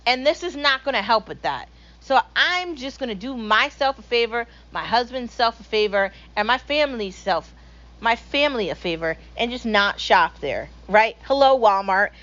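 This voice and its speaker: A woman's voice: on the high side, sharp tone, muffled recording. A young woman hosting her own show, ranting bluntly and profanely in a casual opinion monologue. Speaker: podcast host.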